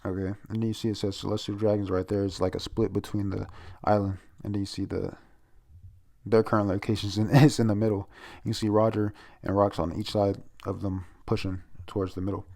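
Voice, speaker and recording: Man, low gravelly voice, casual rambling reviewer of a comic chapter, trips over names, laughs and curses freely. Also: flat delivery, a little fast, a little mellow.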